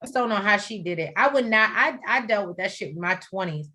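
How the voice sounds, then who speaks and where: A woman's voice: mid-range voice, lively intonation, a little fast, pushed and bright, husky. A woman in her forties co-hosting a casual review chat, blunt and profane. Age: 40s. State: tired, coughing. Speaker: co-host.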